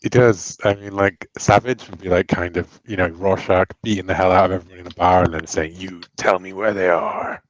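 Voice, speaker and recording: Man, tabletop player, very deep voice, playful, thinking aloud, dry close sound. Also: fairly even intonation, fairly quick, few pauses, no echo, highs cut off. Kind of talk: casual chat at a tabletop game.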